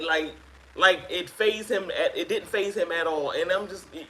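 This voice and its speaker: A woman sharing her own experience as a guest on a live chat, telling it in an emphatic, animated way. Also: lowish voice, moderate pace, slight background noise, rough recording. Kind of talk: casual live-stream chat.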